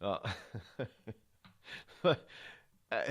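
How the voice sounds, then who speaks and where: A man's voice: on the high side, sing-song, normal speed. A middle-aged man hosting his own radio show, talking solo in a chatty, digressive way, often restarting and repeating words as he goes. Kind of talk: rambling solo talk-radio monologue.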